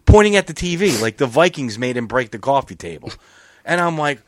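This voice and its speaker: A man with a mid-range voice hosts a podcast, speaking a little fast in clean studio sound with no room noise. In casual chat, he tells funny stories with lots of profanity and animatedly acts out what people said.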